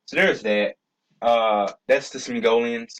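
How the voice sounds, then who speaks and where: A man's voice: mid-range voice, steady tone, measured pace, fairly bright tone, muffled recording. A young man chatting casually to his viewers, loose and rambling, with many fillers, stammered restarts and cussing. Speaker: video creator. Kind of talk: casual rambling vlog talk.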